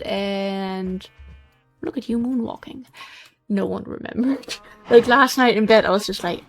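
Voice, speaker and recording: A woman's voice: a little high, a little slow, fairly bright tone. A young woman hosting a game let's play, chatting and rambling through stories while she plays. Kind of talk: casual gaming commentary.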